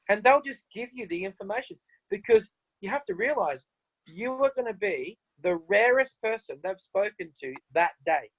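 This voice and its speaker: A man's voice: high voice, normal speed, dry recording, low-quality recording. An Australian man speaking on a video call, telling stories in an upbeat way and acting out conversations. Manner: upbeat, animated, acts out conversations. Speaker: guest speaker. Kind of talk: motivational storytelling on a video call.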